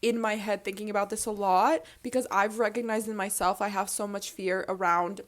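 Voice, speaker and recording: A woman's voice: mid-range voice, steady tone, a little fast. A young adult woman in a casual, reflective vlog monologue, earnest and emphatic, who swears freely and becomes tearful. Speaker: vlogger.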